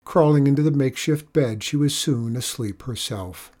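A storyteller reading a folk tale aloud in a measured, expressive way. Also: medium pitch. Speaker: narrator. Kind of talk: storybook narration.

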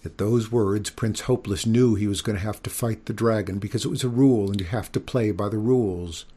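A man narrating a children's storybook aloud, steady and gently amused. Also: lowish voice, a little fast, breathy edge. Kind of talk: storybook reading.

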